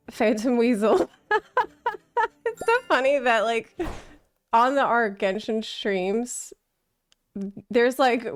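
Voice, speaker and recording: A woman's voice: a little high, clean tone. Chatty, giggly woman streamer. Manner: chatty and giggly, reacts to the game. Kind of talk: casual gameplay commentary.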